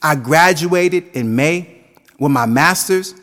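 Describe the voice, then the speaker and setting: A man's voice: fairly high pitch, takes it slowly, a bit bright, big-room sound. A man in his twenties preaching a sermon with a passionate, sing-song cadence that rises and falls. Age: 20s.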